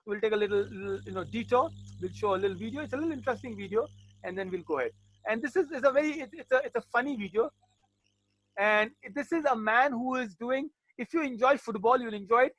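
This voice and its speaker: A man's voice: extremely high pitch, fairly bright tone, dry recording. A male teacher giving a chatty, jokey online class, sprinkling in Arabic religious phrases.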